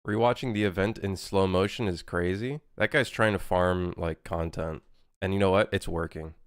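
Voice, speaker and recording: A man's voice: low-pitched, moderate pace, smooth, dry recording, studio quality. A young man, a native French speaker, casually chatting with his live-stream audience while building a game level, joking and rambling as he answers chat.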